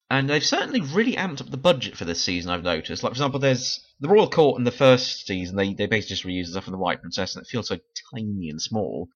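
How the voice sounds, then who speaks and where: A man's voice: medium pitch, fairly bright tone. A tired man talking through a casual, unscripted review, rambling, correcting himself and laughing often. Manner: chatty, rambling, frequent laughs and self-corrections. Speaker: TV series reviewer.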